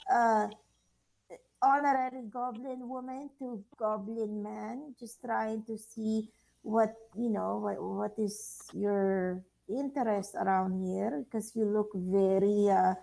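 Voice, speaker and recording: A woman's voice: mid-range voice, gravelly, mellow, voice pushed up, poor audio. Woman doing a chirpy, childlike adventurer. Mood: friendly. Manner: sweet, halting, childlike chatter. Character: chirpy, eager-to-please female adventurer.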